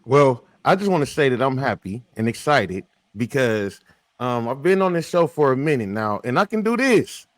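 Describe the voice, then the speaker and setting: A man's voice: mid-range voice, very animated, normal speed, dry recording. A man co-hosting a podcast, talking in a laid-back, joking casual way. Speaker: podcast co-host. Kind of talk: casual chat.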